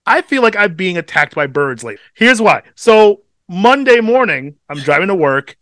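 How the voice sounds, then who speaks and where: A man co-hosting a podcast, telling a story in casual chat, swearing constantly and animated. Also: sits high, moderate pace, no echo, clean studio sound. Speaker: podcast co-host.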